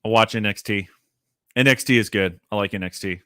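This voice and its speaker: A man chatting casually on a livestream, rambling and animated, with loose swearing and laughter at himself. His voice is bright and forceful, and it sounds close and dry, with no room behind it. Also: on the low side, brisk, clear, resonant tone, dry recording. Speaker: livestream host.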